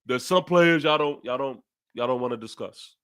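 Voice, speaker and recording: A man's voice: medium pitch, normal speed, fairly bright tone, clear, resonant tone. A young man with a New York accent hosting a fan podcast, ranting after a loss, emphatic and repeating his phrases. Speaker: podcast host. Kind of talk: fan post-game rant.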